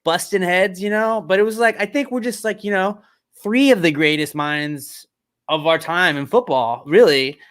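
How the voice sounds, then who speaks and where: A man's voice: sits high, moderate pace, fairly bright tone. A man co-hosting a football podcast over a video call, joking and bantering playfully. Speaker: podcast co-host. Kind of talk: casual football chat.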